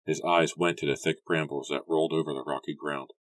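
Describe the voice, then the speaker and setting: A man narrates an audiobook in a calm, measured way. His voice is strikingly deep, and the recording is dry and close with no room sound. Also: no echo. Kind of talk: scripted narration.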